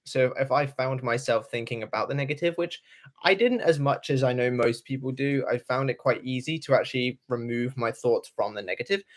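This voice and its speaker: A man hosting a live Q and A stream as a coach, explaining in a relaxed, casual way with fillers. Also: mid-range voice, a little fast.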